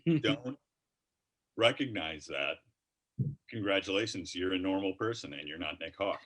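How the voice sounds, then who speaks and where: A man's voice: sits low, lively intonation, normal speed, fairly bright tone. A man doing a rambling, profane comedy roast set with jokey asides.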